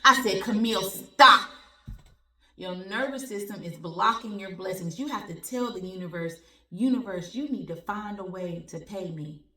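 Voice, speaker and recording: Animated, preachy woman, bright and echoey. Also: medium pitch, moderate pace. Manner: animated, preachy, repeats phrases for emphasis. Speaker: host of a motivational show. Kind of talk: motivational talk and storytelling. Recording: echoey room, distant from the mic.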